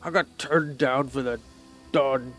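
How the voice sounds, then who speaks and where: A man's voice: mid-range voice, fairly even intonation, measured pace, a bit bright, close to an everyday voice. A man voicing a drunk, boastful male hill giant who grumbles and rambles with slurred words, with faint music in the background. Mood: grumbling.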